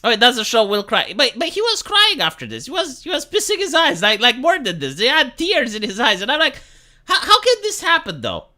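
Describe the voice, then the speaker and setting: A woman's voice: on the high side, big pitch swings, a little fast, hardly any pauses, pushed and bright. A woman live streamer doing casual reaction commentary, sarcastic and profane, often stumbling over repeated words.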